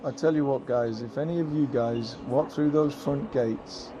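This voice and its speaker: A man's voice: mid-range voice, moderate pace, mellow, muffled recording. An older man, a former footballer, giving a heartfelt, emotional interview outdoors at a stadium, piling up phrases with many ums.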